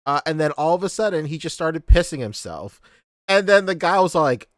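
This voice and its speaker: A man's voice: fairly high pitch, animated, normal speed, no room sound, studio quality. Laughing, rambling podcast guy. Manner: laughs a lot, swears, rambling storyteller. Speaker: podcast co-host. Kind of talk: casual chat.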